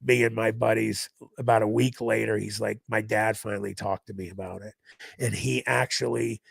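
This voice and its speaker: Male podcast guest, animated storyteller, heavy vocal fry, dead dry sound. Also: fairly low pitch, normal speed, no room sound. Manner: animated storytelling, acting out others in raised voices. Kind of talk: recounting a personal story.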